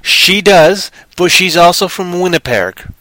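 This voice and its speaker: Canadian guy, joker co-host, bright edgy tone, close and dry. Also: high voice, animated, a little slow, dry recording, poor audio. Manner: playful, jokey, bursts into put-on voices. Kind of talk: casual comedic chat.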